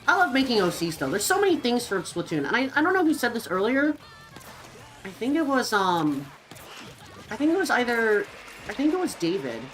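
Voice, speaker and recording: A woman's voice: on the high side, brisk, soft background music, low-quality recording. A young woman streaming a game and chatting casually with viewers in a rambling style, full of fillers. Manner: rambling, filler-heavy, lively.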